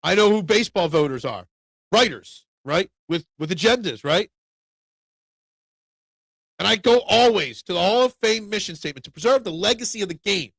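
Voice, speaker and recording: Male sports stream host, rough gravelly edge, pitched high for a man, opinionated and rambling. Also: expressive, normal speed, a bit bright, dry recording. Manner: opinionated, rambling, answers viewer comments. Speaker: sports talk show host. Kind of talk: casual live-stream sports talk, reading chat.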